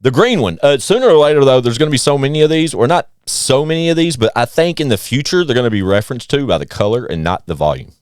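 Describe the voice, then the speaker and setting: A man's voice: medium pitch, quick pace, hardly any pauses, smooth, dry recording, studio quality. A man hosting a casual podcast, hyping things up and swearing freely. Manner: hype, animated, swears freely. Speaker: podcast host.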